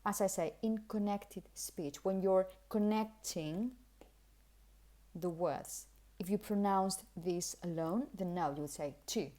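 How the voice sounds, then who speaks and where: A woman teaching English pronunciation, who says example sentences slowly and then repeats them in a relaxed, weakened way. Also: medium pitch. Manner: explanatory, demonstrates pronunciation. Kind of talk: pronunciation lesson.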